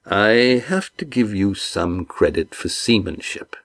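A man's voice: mid-range voice, very animated, measured pace, voice pushed up. A man reading the part of a menacing, mocking ship captain, drawing out his threats with a sneer. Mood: cold menacing.

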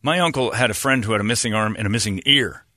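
A man hosting casual studio banter, an animated storyteller who swings his pitch around. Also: fast, no room sound. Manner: animated storyteller, jumpy pitch, mock voices.

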